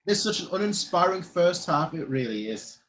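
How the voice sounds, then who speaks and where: High-pitched and fairly bright, this Manchester-based German man hosts a fan channel's live match watchalong at a moderate pace, his pitch swinging widely. His casual talk rambles and circles back, peppered with "like." The recording is rough.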